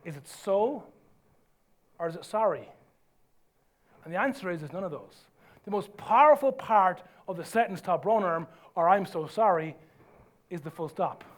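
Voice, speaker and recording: A man preaching a sermon as pastor, emphatic and earnest, dropping to soft low lines for effect. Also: expressive, moderate pace, long pauses.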